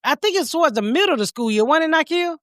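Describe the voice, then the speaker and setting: A woman podcast host telling a comedic story in a profane, animated way, laughing as she talks. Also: sits high, fast, no echo, clean studio sound.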